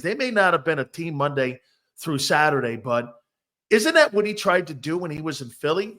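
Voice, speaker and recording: A male sports show host with a somewhat high voice, chatting casually. He winds through long, rambling questions and brings retold stories to life. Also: a bit bright. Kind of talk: casual interview chat.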